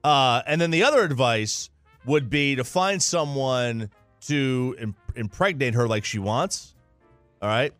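A man's voice: medium pitch, unhurried, a bit bright, dry recording, faint music behind. A man hosting a radio talk show, giving blunt joking advice in casual banter. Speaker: radio show host reading listener letters.

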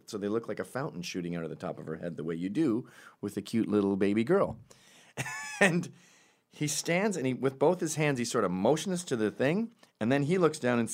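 A man from Canada telling stand-up stories in a wry, profane, animated way. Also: lowish voice. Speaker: stand-up comedian. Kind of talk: stand-up storytelling.

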